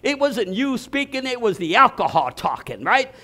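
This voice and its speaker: An older man preaching a sermon, telling stories with bursts of shouting and laughter. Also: very high voice, big pitch swings, moderate pace. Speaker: pastor.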